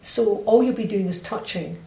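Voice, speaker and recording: A Scottish woman who is a Buddhist nun, telling a personal story in conversation with direct, animated delivery that acts out quoted dialogue. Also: mid-range voice, normal speed, vocal fry, echoey room, poor audio.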